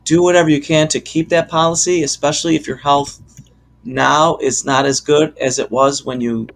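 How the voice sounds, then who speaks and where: Male advisor voice with some fry, pitched a bit high, explaining patiently. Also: steady tone. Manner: measured, hesitant, with fillers. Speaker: insurance expert co-host. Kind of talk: explanatory casual chat.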